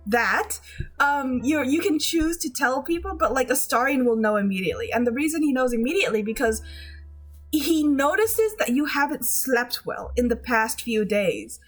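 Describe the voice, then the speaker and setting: A high-pitched woman streamer talks in a loose, casual chat. She gushes and giggles and keeps restarting her sentences. Soft music plays quietly behind her. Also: lively intonation, normal speed. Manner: gushing, giggly, rambling with many restarts. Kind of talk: casual chat recapping a game.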